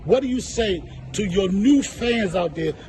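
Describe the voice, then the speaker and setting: Brash, high-voiced comedian host. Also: male voice, lively intonation, unhurried, a little hiss or hum. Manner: brash, profane, joking, shouts into a hype voice. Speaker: podcast host. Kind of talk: loud comedic podcast banter.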